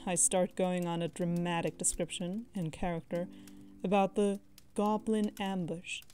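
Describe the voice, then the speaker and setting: A woman reading a tabletop game story aloud, in a measured way with dramatic emphasis. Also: fairly low pitch, warm tone. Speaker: story narrator.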